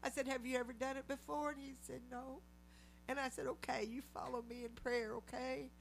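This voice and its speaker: A middle-aged woman preaching a testimony sermon, animated storytelling that acts out the voices she quotes. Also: sits high, moderate pace, vocal fry, a little hiss or hum. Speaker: lay preacher.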